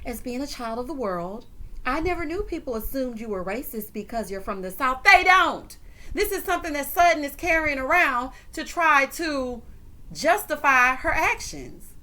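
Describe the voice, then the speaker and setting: Sassy female recap vlogger, bright and punchy tone, slightly high. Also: moderate pace. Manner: sassy, animated, calls viewers honey and child. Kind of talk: casual reality-TV recap commentary.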